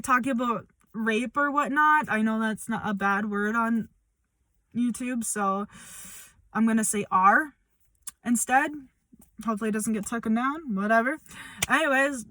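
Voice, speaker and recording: A woman's voice: high-pitched, sharp tone, no echo. A young woman speaking bluntly and confrontationally in a personal update vlog, swearing as she calls someone out. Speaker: vlogger.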